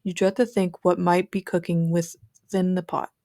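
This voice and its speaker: A woman narrating a guided meditation in a calm, measured storytelling manner. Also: on the low side.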